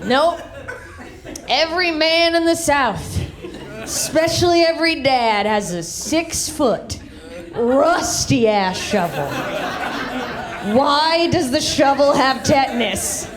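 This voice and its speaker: A woman from the American South doing a live stand-up comedy set on a handheld stage mic, brash, swinging her voice high and low for punchlines. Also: expressive, slow pace. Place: live comedy venue with audience. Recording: live show with crowd laughter. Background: audience laughter.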